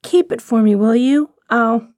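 A woman's voice: a little high, unhurried, a little mellow, dry recording, clean studio sound, close to an everyday voice. Woman voicing a gushing rich young lady. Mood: eager.

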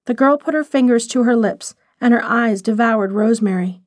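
A woman reading a short story aloud in measured, expressive scripted narration. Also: on the high side, no room sound, studio quality.

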